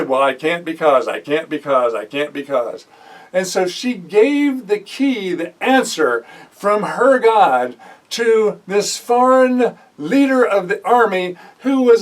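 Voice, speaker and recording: A man preaching a sermon who tells a Bible story with animation, acts out its characters' voices and drives his points home by repeating phrases. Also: sits high. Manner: animated storytelling, acting out the voices of biblical figures. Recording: voice heard from a distance off the mic.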